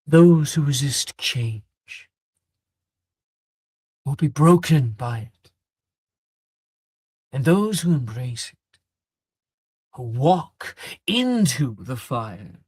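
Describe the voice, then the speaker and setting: A man's voice: on the high side, husky, no room sound, studio quality, full character voice. A man voicing a stern male professor who preaches about rebirth, in a solemn, commanding way. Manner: commanding, solemn sermon-like delivery.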